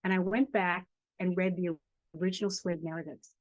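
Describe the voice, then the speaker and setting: A woman's voice: lowish voice, steady tone, brisk, dry recording, highs cut off. An older woman, a children's author, speaking earnestly in a podcast interview, telling stories with emphatic repetition. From Charleston, South Carolina family; grew up in Harlem.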